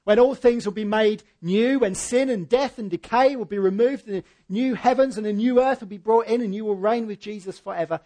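A man preaching a church sermon in a notably high voice. He is animated, rising to loud emphatic peaks and then dropping to soft, low asides. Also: a little fast, few pauses. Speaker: pastor.

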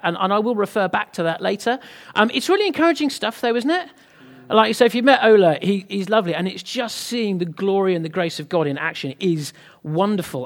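A man's voice: high-pitched, a bit bright. A British man preaching a sermon, telling a humorous personal story to the congregation in a chatty way. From Britain. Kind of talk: sermon with anecdote.

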